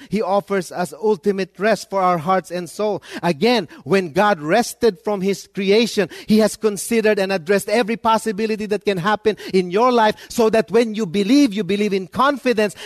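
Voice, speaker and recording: A man pastor preaching a sermon, emphatic, swinging from soft asides to loud stresses. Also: high voice, no room sound, clean studio sound.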